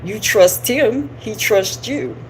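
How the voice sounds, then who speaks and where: A woman's voice: mid-range voice, lively intonation, slow pace, slight background noise, rough recording. A woman hosting a live stream, talking casually and informally about spirituality, rambling with laughing asides. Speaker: livestream host. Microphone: camera on a live stream.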